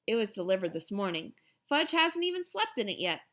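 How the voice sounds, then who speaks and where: A woman reading a children's novel aloud in an expressive storytelling manner. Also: medium pitch, a little fast. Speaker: reader.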